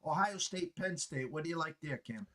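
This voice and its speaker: A man's voice: on the high side, expressive, moderate pace, sharp tone. A man hosting a casual sports betting chat, asking his guest for picks in an easygoing way. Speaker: show host.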